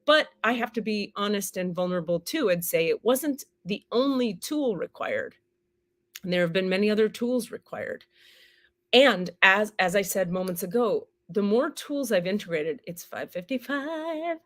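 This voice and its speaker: A woman's voice: medium pitch, lively intonation, moderate pace, a bit bright. Candid, swearing woman teaching on a live stream. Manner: candid, swears freely, acts out inner voices. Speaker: spiritual teacher and healer.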